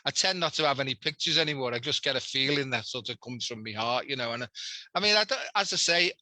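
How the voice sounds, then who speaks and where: A man with a Liverpool accent, a guest and healer telling a story in casual chat, animated with chatty asides. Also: medium pitch, quick pace, no room sound, rough recording.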